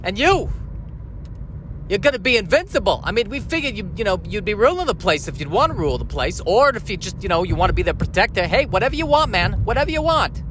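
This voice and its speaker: A man's voice: high-pitched, big pitch swings, fast, noisy background, voice pushed up. A man voicing a laid-back alien father with a New York accent, talking in a breezy, streetwise, shrugging way. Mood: easygoing.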